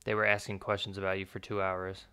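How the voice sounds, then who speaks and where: A worried, anxious mother pleading with her grown child, as a man reads her lines in his own voice. The voice is fairly low, bright and smooth. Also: monotone, fast talker. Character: worried middle-aged mother.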